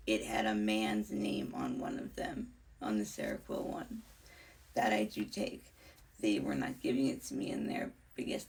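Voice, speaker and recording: A young woman vlogger talks candidly, her voice heavy with vocal fry. Her pitch swings widely as she chats, sometimes falling to a whisper, and she sits a little back from the mic. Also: darkish tone, recorded from a distance. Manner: candid and chatty, often drops into whispers. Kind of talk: casual storytelling.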